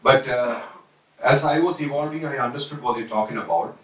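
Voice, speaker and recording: A man gives an unhurried spiritual talk, pausing to restart his phrases. He sits back from the mic, so his voice carries a roomy echo. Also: medium pitch. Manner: slow, reflective, with pauses and restarts. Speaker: spiritual teacher. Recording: roomy, voice from a distance.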